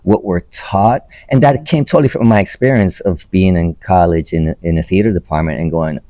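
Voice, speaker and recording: An older theater director speaks in an interview, earnest and emphatic, pausing on fillers as he searches for words. His voice sits on the low side with a gravelly texture. The recording is dry and close. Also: dark tone, dry recording. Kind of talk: casual interview talk.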